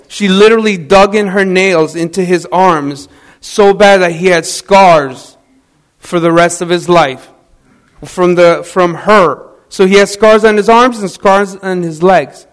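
A man's voice: high voice, a little slow. A man preaching a sermon, telling a story in a conversational way, asking the congregation questions and correcting himself as he goes. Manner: self-corrects mid-sentence.

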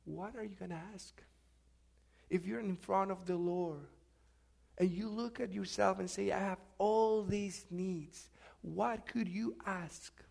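High gravelly preacher, quiet to loud. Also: male voice, expressive, measured pace. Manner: swings from quiet musing to loud emphatic questioning of the congregation. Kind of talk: sermon.

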